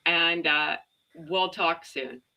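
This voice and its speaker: A woman's voice: lowish voice, slow pace, sharp tone, clean tone, rough recording. An American woman hosting a casual livestream chat, telling stories and laughing often. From United States. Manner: chatty, laughs often, storytelling. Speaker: channel host.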